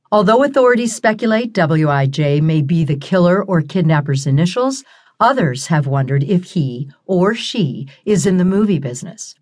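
A radio news announcer, read by a woman narrator delivers the bulletins in an even, formal newsreader manner. The pitch stays a touch low for a woman, and it fits the storybook reading around it.

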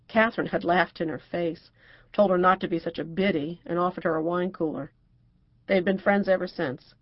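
Woman, audiobook narrator, even unhurried reading, dry, dull muffled recording. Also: fairly low pitch, no echo. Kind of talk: scripted narration.

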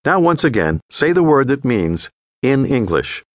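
A man's voice: mid-range voice, big pitch swings, measured pace, dry recording, studio quality. Patient male language-course narrator. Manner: clear, patient teacher explaining pronunciation. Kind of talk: scripted instructional narration. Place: recording studio.

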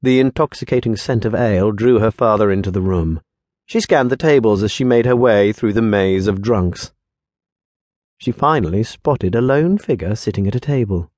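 A man narrating a fantasy audiobook in an expressive, measured storytelling manner, close to a studio mic. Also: fairly low pitch, no room sound.

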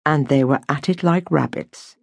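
A woman reading an audiobook novel aloud in a measured, unhurried storytelling manner. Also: low-pitched, gravelly, no echo. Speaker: audiobook narrator. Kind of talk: scripted narration.

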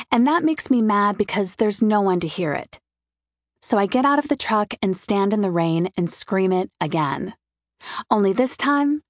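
A woman's voice: mid-range voice, no room sound. A woman giving a wry, intimate first-person audiobook narration, recorded in a studio. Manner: wry, intimate inner monologue.

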